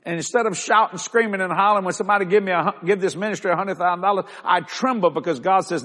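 High-voiced older man preaching in a hall. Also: fast talker, few pauses. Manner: builds to loud emphatic preaching, stretching key words; calls on the congregation for responses. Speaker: pastor. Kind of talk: sermon. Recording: long reverb of a large hall.

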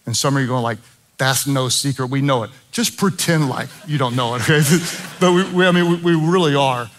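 A man's voice: a little high, brisk, a little hiss or hum. A middle-aged man preaching a sermon as pastor, emphatic and impassioned, with jokey asides.

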